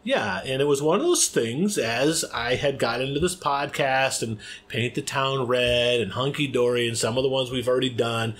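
A man with an American accent co-hosts a relaxed podcast conversation. He talks in a playful, rambling way, often breaking into laughter. His voice sits at an ordinary middle pitch. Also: moderate pace, few pauses. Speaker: podcast co-host. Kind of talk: casual podcast chat.

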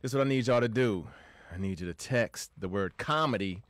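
A man's voice: lowish voice, a little fast, no echo. A man who is a comedian, a guest on a podcast, chatting in a laid-back, slangy way. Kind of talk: casual chat. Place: studio.

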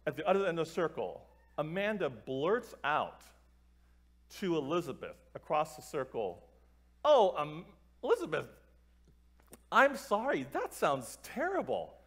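A middle-aged man giving a storytelling talk to a church gathering, acting out the voices of the people in his story. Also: on the high side. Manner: animated, acts out voices in his stories, breaks into tearful laughter. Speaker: keynote speaker.

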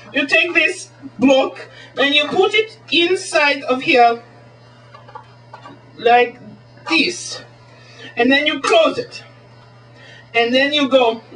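A man putting on a high, excitable voice as a crude, goofy Swedish stage magician. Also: recorded from a distance, exaggerated voice, rough recording.

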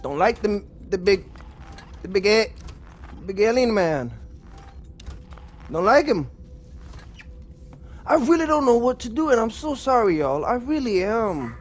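A man's voice: high-pitched, sing-song, a little slow, long pauses, a little hiss or hum. A man giving casual gameplay commentary, apologetic and rambling, with a lot of slang and self-mockery. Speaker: gaming video creator.

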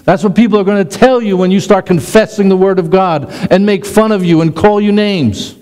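A middle-aged man, a pastor, preaching a sermon with animated delivery that slows down for emphasis. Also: high-pitched, rough recording.

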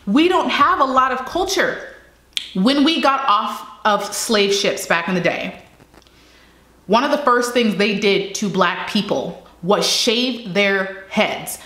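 A woman's voice: fairly high pitch, fairly bright tone. A young woman giving impassioned personal commentary, emphatic, repeating phrases for weight and firing off rhetorical questions. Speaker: commentary channel host. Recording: echoey room.

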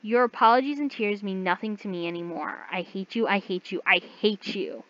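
A woman voicing a frightened but defiant young woman who shouts back at her captor. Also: mid-range voice, normal speed, dry recording, dull audio, natural voice.

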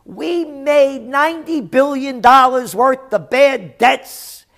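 A man's voice: very high voice, takes it slowly, fairly bright tone, pitched above the performer's own voice, exaggerated voice. A man putting on the voice of a smug, arrogant banker who demands payment for his losses.

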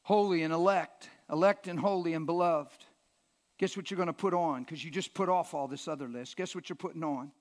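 A man preaching a sermon in a church, emphatic and impassioned, sometimes shouting and sometimes dropping almost to a whisper. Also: on the high side, fairly quick.

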